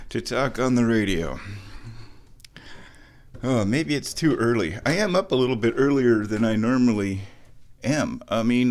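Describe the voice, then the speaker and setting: Rambling man with a lively voice. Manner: rambling, switches into high baby-talk for his cat. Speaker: podcast host. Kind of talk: casual rambling monologue. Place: home, walking between rooms.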